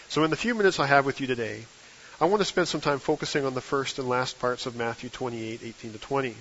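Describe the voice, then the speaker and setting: A man preaching a sermon from the pulpit, with a measured delivery and emphatic stresses on key phrases. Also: medium pitch, fairly bright tone, highs cut off. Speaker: guest preacher.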